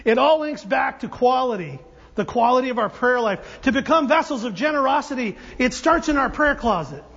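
Male pastor, very high voice, animated joking sermon; dull recording in a reverberant church. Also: moderate pace, husky. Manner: animated, joking storyteller with restarts. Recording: dull audio with long hall reverb.

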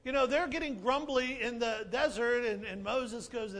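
A man preaching a sermon as a pastor, animated and playful, repeating key phrases for emphasis. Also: very high-pitched, moderate pace.

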